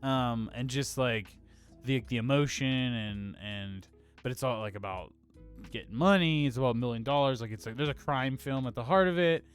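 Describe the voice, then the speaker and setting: Young man, mid-pitched voice, casual podcast co-host, hedgy, lots of "like", faint music. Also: normal speed, clear, resonant tone. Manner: loose, hedging, many "like"s. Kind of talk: casual film discussion.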